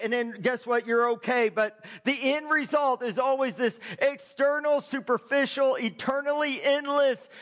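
High-voiced man preaching a sermon. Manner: preaching with rising shouted emphasis. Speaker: pastor.

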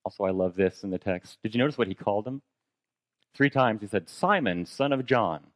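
A pastor preaches a sermon conversationally, asking rhetorical questions and dramatically retelling a story. His voice is on the low side and fast, with no room sound.

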